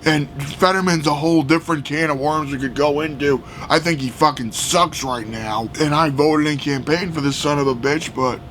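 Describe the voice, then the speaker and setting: A man from the United States ranting heatedly about politics, profane and often shouting. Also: on the high side, normal speed, hardly any pauses, a little hiss or hum. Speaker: political vlogger.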